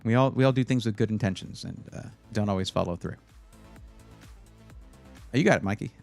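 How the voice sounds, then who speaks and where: With faint music behind him, a man with a lowish, gravelly, slightly mellow voice talks a little fast. He's chatting on a casual livestream, reading viewer comments and offering computer buying advice, rambling, restarting phrases and being playful with the chat.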